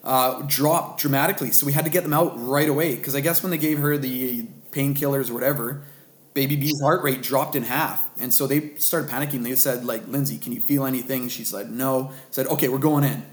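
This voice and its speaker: A man in his thirties telling a story casually, acting out the dialogue with lively laughs. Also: medium pitch, brisk, roomy sound. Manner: animated, acts out dialogue, self-deprecating laughs. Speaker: guest telling a birth story.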